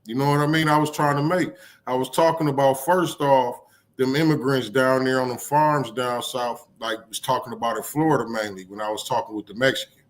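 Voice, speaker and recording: A man's voice: medium pitch, fairly even intonation, brisk. A man co-hosting a casual live-stream chat, laid-back and rambling, with frequent swearing.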